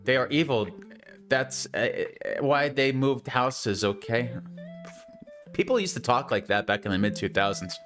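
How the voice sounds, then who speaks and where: A man's voice: medium pitch, lively intonation, measured pace, a bit bright, soft background music. A man giving a comedic dramatic reading of a bad story, with incredulous, mocking asides. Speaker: reader.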